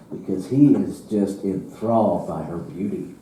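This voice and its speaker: A male minister giving a sermon, telling a parable slowly and dramatically, with chuckles and hushed drops. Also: deep voice, expressive, a little hiss or hum. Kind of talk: sermon storytelling. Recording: roomy church hall, from far off.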